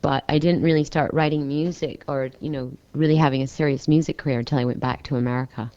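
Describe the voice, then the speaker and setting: A woman's voice: sits low, steady tone, quick pace, warm tone. A woman being interviewed, answering casually and laughing often. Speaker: interviewee, recording artist. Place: hotel room. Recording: dull lo-fi dry radio tape.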